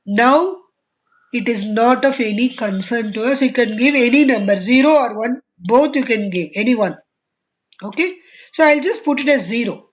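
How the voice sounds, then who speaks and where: A woman's voice: a little high, normal speed, muffled recording. A woman teaching a finance class over a video call, explaining step by step and checking in with students. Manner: explains step by step with repeated okays. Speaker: finance instructor. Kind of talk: online class lecture.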